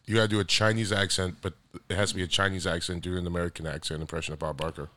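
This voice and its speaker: A man's voice: deep voice, flat delivery, very fast, fairly bright tone. A man co-hosting a podcast, joking and teasing his friend in casual banter, laughing often and swearing. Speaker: podcast co-host. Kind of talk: casual chat.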